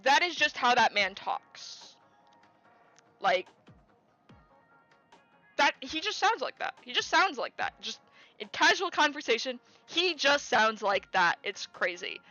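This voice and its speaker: Bright-voiced woman telling a rambling story. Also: high voice, unhurried, pauses often, highs cut off, faint music behind. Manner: animated, rambling with many fillers and restarts, quoting people in raised voice. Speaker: streamer. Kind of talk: casual chat, storytelling.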